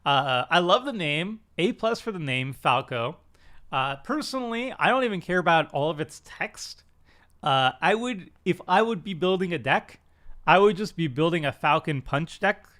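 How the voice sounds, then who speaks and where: A man with a slightly high-pitched voice chats casually through a card review. He talks in a loose, self-deprecating way, full of "um"s, restarts and asides. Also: bright, forceful tone. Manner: chatty, self-deprecating, many fillers and restarts. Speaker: commander stream host.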